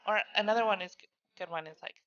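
A woman's voice: medium pitch, quick pace, dry recording, lo-fi sound. A woman chatting casually and playfully, explaining things with a lot of "like.". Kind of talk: casual chat.

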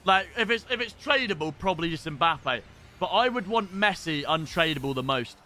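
Excitable young streamer, high and bright, casual and sweary, quiet music in the background. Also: male voice, normal speed, slight background noise. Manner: excitable, shouts at pack pulls, swears. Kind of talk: casual live-stream chat.

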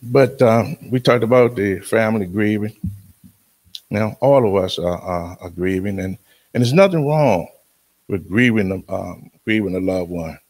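A man speaking at a funeral service as the uncle of the deceased, giving a sermon with Bible readings in a halting way, with many restarts and sudden emphatic rises. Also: on the low side, a little mellow.

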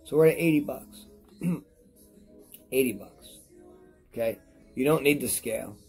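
A man reviewing products on his vlog in a rambling, profane rant to camera while he is high, repeating himself as he talks. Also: unhurried, creaky, darkish tone, faint music behind.

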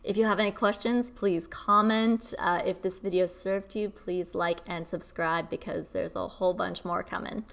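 A woman's voice: on the low side, fairly even intonation, moderate pace, gravelly, few pauses. A young adult woman giving a casual spiritual teaching to camera, chatty with frequent fillers. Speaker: spiritual healing coach.

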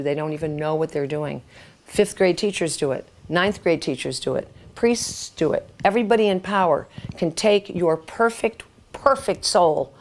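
A woman in her seventies, a writing teacher telling candid stories to an audience, swearing freely and acting out the voices of people in her stories. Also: low-pitched. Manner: acts out quoted voices. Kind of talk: storytelling talk to an audience.

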